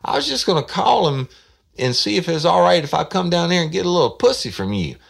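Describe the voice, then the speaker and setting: A man voicing a crude, brash male prank caller, loud, cocky and vulgar. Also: a little high, sing-song, brisk, vocal fry, breathy edge, pitched above the performer's own voice, exaggerated voice.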